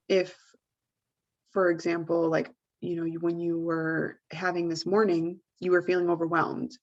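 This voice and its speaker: Woman co-host, lowish voice, talks casually with lots of fillers, muffled lo-fi audio. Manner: rambling, full of "like" and "you know". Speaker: podcast co-host. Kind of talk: casual advice chat.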